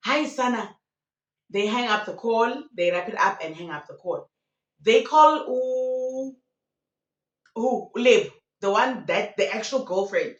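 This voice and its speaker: Woman, animated and mocking. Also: a little high, unhurried, highs cut off. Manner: dramatic, mocking, switches into voices of the people in the story. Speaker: commentator retelling a radio prank. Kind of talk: animated storytelling commentary. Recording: roomy echo.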